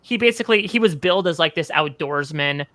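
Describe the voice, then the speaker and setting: Young man, articulate podcast guest, bright edgy tone, close dry mic. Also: fairly high pitch, expressive, dry recording. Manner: quick, articulate, lots of "like". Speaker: podcast guest, reality TV writer. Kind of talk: casual podcast discussion.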